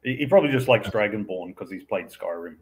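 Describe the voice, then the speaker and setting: A man's voice: lowish voice, animated, quick pace. A man in casual chat, rambling with many fillers and chuckling as he talks.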